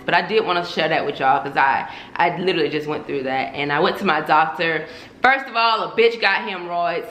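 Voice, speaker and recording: A woman's voice: fairly low pitch, fairly bright tone, slight background noise. A young woman vlogging casually to her viewers, candid and profane, calling them y'all. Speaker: YouTuber. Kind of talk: casual vlog confession to viewers. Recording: echoey room.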